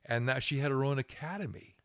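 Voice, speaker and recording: An older man, a guest minister, telling a lively anecdote in an interview, chuckling and restarting his phrases. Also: mid-range voice, brisk, no echo, clean studio sound. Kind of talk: storytelling interview.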